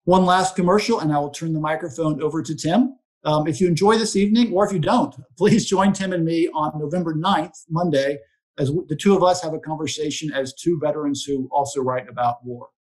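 Man, moderator, fairly high voice, video call intro. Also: a little fast, darkish tone. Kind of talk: event introduction.

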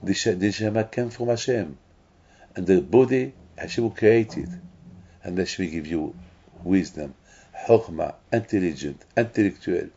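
A rabbi preaches emphatically. He circles back and repeats himself often. His voice is gravelly and husky, and it comes through a dull, lo-fi recording. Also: low-pitched, normal speed, warm tone. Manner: emphatic, repetitive preaching with restarts. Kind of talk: sermon.

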